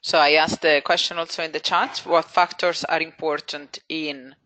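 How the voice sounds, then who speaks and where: A man moderating a webinar, reading out audience chat comments in a brisk, matter-of-fact way. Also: a little high, level tone, bright, forceful tone, dry recording, rough recording.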